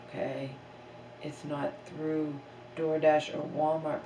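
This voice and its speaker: Woman vlogger, lowish voice, rambling rant full of "okay?" asides, echoey bedroom with faint background ambience. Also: noisy background. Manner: ranting, frequent "okay?" asides. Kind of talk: casual rambling monologue. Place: bedroom, seated on the floor.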